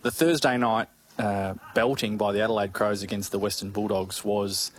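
An Australian man co-hosting a sports radio show, chatting casually in a rambling, jokey way with many halting restarts. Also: on the low side, fairly even intonation. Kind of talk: casual chat.

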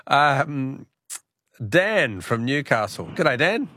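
A man's voice: medium pitch, big pitch swings, extremely slow, sharp tone, no echo, clean studio sound. A man hosting a talk-radio quiz, chatting with callers and laughing often.

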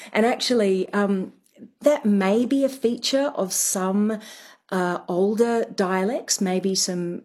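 A woman guest on a radio talk show, explaining patiently and thoughtfully with frequent ums and pauses. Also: fairly low pitch, a little mellow. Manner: thoughtful, explanatory, many fillers. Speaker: dialect coach guest. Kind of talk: radio interview answers.

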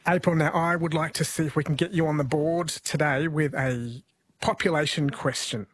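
A man's voice: fairly high pitch, steady tone, moderate pace, husky. A man hosting a radio talk show, chatting and reading out listener messages before running a phone quiz. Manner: chatty, reads listener texts aloud. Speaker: radio host.

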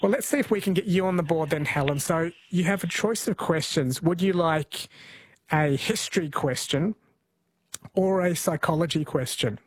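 Aussie guy running a radio quiz, kinda high voice, friendly and chatty. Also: normal speed, no room sound. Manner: friendly, chatty, laughs easily. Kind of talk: call-in radio quiz chat.

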